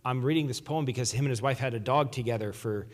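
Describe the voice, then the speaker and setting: A man's voice: mid-range voice, quick pace, long reverb tail. A man preaching a sermon as a pastor, talking in a conversational way and often restarting his sentences. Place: church sanctuary.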